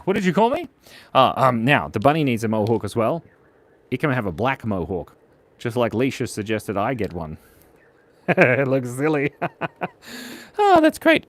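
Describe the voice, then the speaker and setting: A man hosting a live drawing stream, chatting playfully and excitedly with viewers. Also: mid-range voice. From Australia. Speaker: livestream drawing host.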